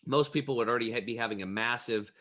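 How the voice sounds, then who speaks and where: Interview guest, male, bright tense tone, lively folksy storyteller. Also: medium pitch, fast. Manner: energetic, emphatic storyteller; folksy, plain-spoken.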